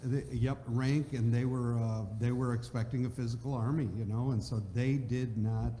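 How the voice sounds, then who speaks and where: Class member, male, halting, filler-heavy, picked up from far off in a noisy, echoey room. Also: medium pitch, level tone, dark tone. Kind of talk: class discussion comment.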